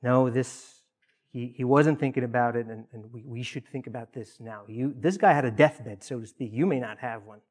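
A man's voice: mid-range voice, moderate pace, darkish tone. A man preaching a sermon, earnest, with emphatic rises and repeated phrases.

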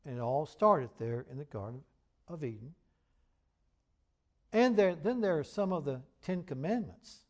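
A man preaching a sermon, earnest and emphatic, who reads scripture aloud in a measured cadence. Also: fairly high pitch, animated, a little mellow. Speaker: pastor.

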